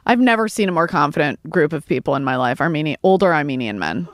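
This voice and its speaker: A woman comedian chatting as a podcast guest, telling an animated, profane story. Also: low-pitched, fast, no room sound, clean studio sound. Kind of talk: casual podcast chat.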